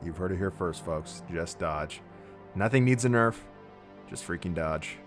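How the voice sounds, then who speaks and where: A man hosting a casual gaming podcast, relaxed and rambling with plenty of fillers. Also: low-pitched, a little slow, soft background music. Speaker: podcast host.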